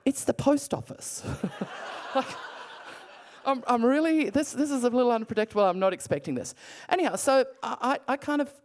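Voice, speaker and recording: A middle-aged Australian woman retelling a personal story in an animated, breathless way, full of restarts. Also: fairly high pitch, moderate pace. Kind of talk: casual spoken storytelling.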